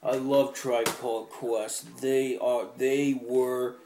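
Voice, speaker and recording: Slow-talking, enthusiastic young man. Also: medium pitch, little pitch movement, creaky, roomy sound, noisy background. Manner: enthusiastic, rambling, swears casually. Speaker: music collector vlogger. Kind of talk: casual show-and-tell.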